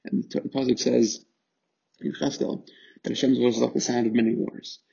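Gravelly man teaching a Torah text. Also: medium pitch, flat delivery, normal speed, warm tone. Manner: reads Hebrew then explains in English, with fillers and restarts. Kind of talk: text study lesson, translating Hebrew line by line. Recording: muffled lo-fi recording.

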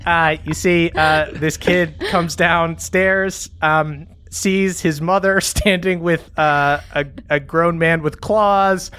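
A man's voice: a little high, fairly even intonation, slow, few pauses, bright, forceful tone, clear, resonant tone. A man running a tabletop game as game master, narrating loosely with many fillers.

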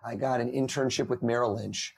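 A man in his thirties, a mentalist guest on a podcast, telling lively stories and acting out the people in them. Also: medium pitch, fairly quick, creaky, husky. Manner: animated storyteller, acts out quoted voices. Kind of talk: podcast interview over video call.

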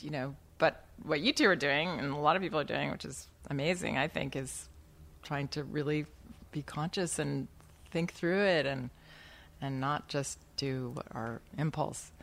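A woman with a deep voice talks as a guest author, soft and reflective. She offers gentle advice in a relaxed conversation. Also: normal speed, gravelly. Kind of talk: casual conversation.

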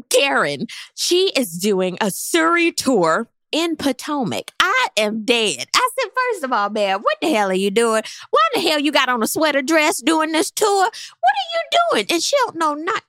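A pregnant woman giving a blunt, sassy recap in casual chat, jumping into high mock voices. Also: pushed and bright, no room sound, studio quality. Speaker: reality TV recap host.

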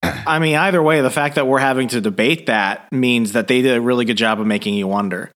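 A man's voice: mid-range voice, a little fast, fairly bright tone. A man co-hosting a podcast, discussing a comic book in a thoughtful, hesitant way with many restarts. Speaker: podcast co-host.

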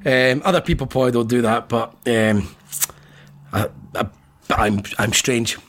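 Gravelly-voiced podcast co-host. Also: male voice, moderate pace, a bit bright. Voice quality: low rough voice. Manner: good-humoured, laughs at himself. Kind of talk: casual podcast chat.

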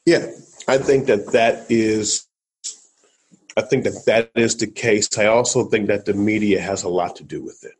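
Husky-voiced man telling animated stories. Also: fairly low pitch, measured pace, rough recording. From Columbus, Ohio, USA. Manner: animated storyteller, acts out quotes, talks to the listener. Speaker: guest, motivational speaker and former football player. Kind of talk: storytelling in a podcast interview.

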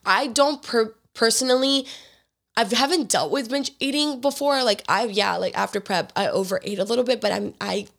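Raspy-voiced woman hosting a podcast. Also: a little high, moderate pace, a bit bright. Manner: earnest and open, lots of "like" fillers. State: hoarse from being sick. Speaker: podcast host. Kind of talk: casual solo podcast talk.

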